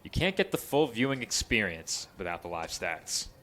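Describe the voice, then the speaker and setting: A man calling play-by-play for a college baseball game, chatty between pitches and lifting his voice for the action. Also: very animated, normal speed, sharp tone. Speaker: play-by-play announcer.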